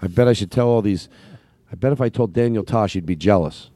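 Fairly quick and warm, this slightly low male voice comes from a comedian podcast host rambling casually through an after-show. The recording is dry, and his talk is full of fillers, restarts, and interruptions of himself.

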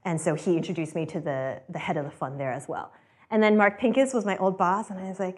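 A chatty woman speaks to an audience about founding her company, with a slightly low voice. She laughs often and acts out the people she quotes. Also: a little fast, darkish tone. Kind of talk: casual talk to an audience.

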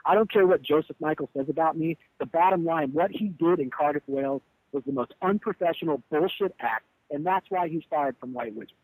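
A man tells a tour story in an interview, swearing freely and playing out each line of the argument. His voice sits a little high for a man. The sound is dry and close, with no room around it. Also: brisk, no echo, poor audio. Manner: animated, profane, acts out quotes. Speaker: band leader telling a tour story.

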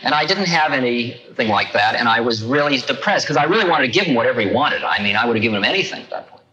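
An older man telling a personal story to an audience, animated and acting out the lines he quotes. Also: medium pitch, fast talker, lo-fi sound, a crowd in the background. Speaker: speaker recounting a personal story. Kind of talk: storytelling talk.

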